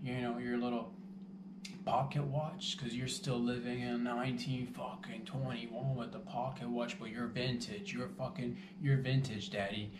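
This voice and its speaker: Guy hosting his own show, goofy and rambling, cusses a lot, kinda far off the mic in a boomy room. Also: flat delivery, measured pace. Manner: rambling, playful, self-mocking, swears freely. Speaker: host. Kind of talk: casual comedic monologue. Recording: echoey room, voice from off the mic, noisy background.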